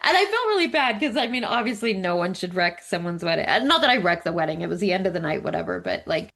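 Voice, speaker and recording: This podcast co-host is a fast-talking woman with a medium-pitched voice and a light English accent. She tells stories animatedly in casual conversation and laughs often.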